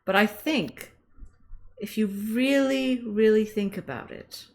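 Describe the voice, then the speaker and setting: A woman player speaking in character, calm and persuasive. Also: mid-range voice, slow pace. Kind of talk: in-character tabletop play.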